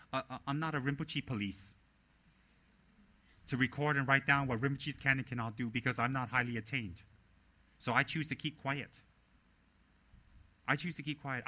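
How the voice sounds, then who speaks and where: In a mid-range voice, a man gives a dharma teaching as a Buddhist teacher, speaking bluntly and animatedly and frequently mimicking others.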